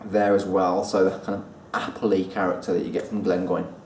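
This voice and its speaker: A man talks through a review in a casual, chatty way, stopping and repeating words as he gathers his thoughts. His voice sits on the low side. He sounds set back from the mic in an echoey room with faint background noise. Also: flat delivery, a little mellow, far from the mic. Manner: chatty, pausing, repeats words while thinking. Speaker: whisky reviewer.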